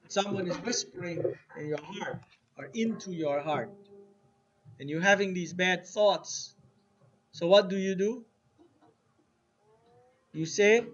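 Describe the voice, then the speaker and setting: A man teaching an Arabic lesson to a class, asking questions and having students repeat words after him. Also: high voice. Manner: slow, asks students questions and has them repeat words. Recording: dull lo-fi classroom recording with faint noise.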